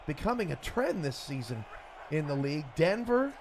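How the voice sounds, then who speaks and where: A man calling the plays in esports football commentary, rising to shouts on big plays. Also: a little high, sing-song, normal speed, a little hiss or hum. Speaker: play-by-play commentator.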